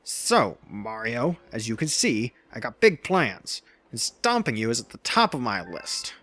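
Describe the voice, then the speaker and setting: A man's voice: medium pitch, sing-song, measured pace, sharp tone, exaggerated voice. A man voicing a boastful male monster king villain in a video game, gloating and grandiose.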